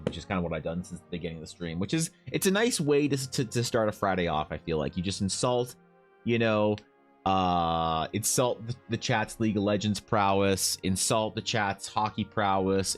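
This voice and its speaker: A man chats casually on a live stream as he draws, reading viewers' messages and cracking jokes. His teasing, playful talk swings noticeably in pitch.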